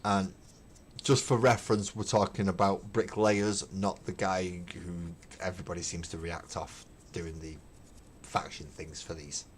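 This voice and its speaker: A man's voice: low voice, flat delivery, measured pace, a little hiss or hum. A middle-aged man chatting casually on a painting livestream, emphatic and opinionated, swearing as he rants. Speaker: hobby livestream host. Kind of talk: casual chat while painting.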